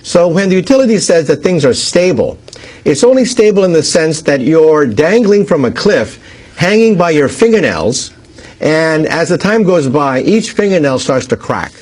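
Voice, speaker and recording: Husky man explaining with lively pitch. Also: moderate pace. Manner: explains through extended everyday analogies. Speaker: expert explaining a nuclear accident. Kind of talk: explanatory interview speech.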